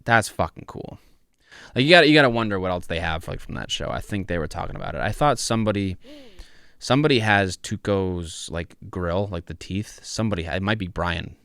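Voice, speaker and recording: A young man hosting a casual podcast, loose and excitable, swearing freely and laughing often. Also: low voice, a little fast, creaky, smooth, dry recording, clean studio sound. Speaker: podcast host. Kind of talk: casual solo podcast chat.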